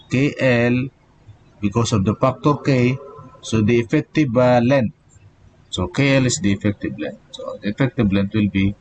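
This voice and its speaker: Slow, low-voiced man lecturing. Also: a little hiss or hum. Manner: slow, halting explanation with many "okay" and "so" fillers. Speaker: engineering professor. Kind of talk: live online lecture.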